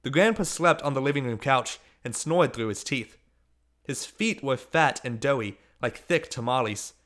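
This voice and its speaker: A man reading a novel aloud as an audiobook narrator, with gentle storytelling and quiet speech tags. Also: medium pitch.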